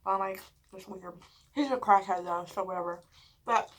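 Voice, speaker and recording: A woman vlogger telling a story casually while eating, chatty and full of "like", swearing often and dropping into hushed whispers at dramatic moments. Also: mid-range voice, brisk. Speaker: mukbang vlogger.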